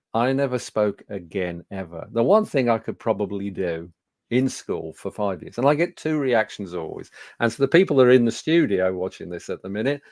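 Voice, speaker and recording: A man's voice: fairly low pitch, a little mellow, no echo. A man in his sixties with a Birmingham accent, a speaking coach telling anecdotes to a studio audience with fillers and self-deprecating humour. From Birmingham, England. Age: 60s.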